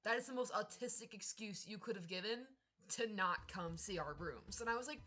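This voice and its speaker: A young woman streaming, chatting casually in an excitable, rambling way with lots of laughter. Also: mid-range voice, a little fast, few pauses, soft background music. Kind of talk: casual live-stream chat.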